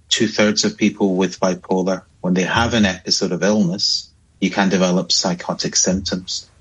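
A male psychiatrist explaining calmly as a guest in a radio interview. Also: on the low side, breathy edge, dull audio. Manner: calm, explanatory.

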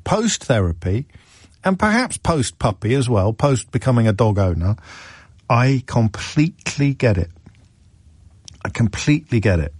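A man's voice: medium pitch, darkish tone, dry recording, clean studio sound. Chatty middle-aged English man, rambling. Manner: rambling, self-deprecating, frequent restarts. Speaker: radio presenter. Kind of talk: conversational monologue.

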